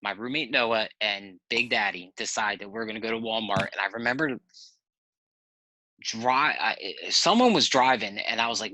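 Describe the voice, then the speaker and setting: Laid-back guy with a very bright voice. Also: mid-range voice, animated, normal speed, dry recording, rough recording. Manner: rambling, laid-back, swears casually. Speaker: podcast guest. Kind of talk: casual storytelling chat.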